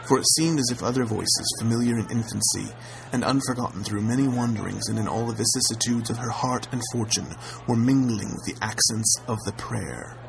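A man narrating a classic tale aloud in a measured, steady storytelling manner. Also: mid-range voice, gravelly, noisy background. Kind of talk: audiobook reading of a classic tale.

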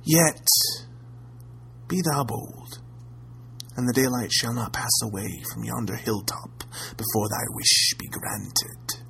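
A man reading a story aloud and voicing a withered ancient crone in a hushed, slow, ominous whisper. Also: mid-range voice, expressive, vocal fry, slight background noise, exaggerated voice. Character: withered ancient witch-like crone, sly and sinister.

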